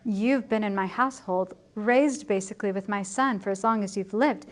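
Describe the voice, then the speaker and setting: A woman's voice: mid-range voice, moderate pace, lightly acted. A woman voicing a bewildered older father in a puzzled, plain paraphrase.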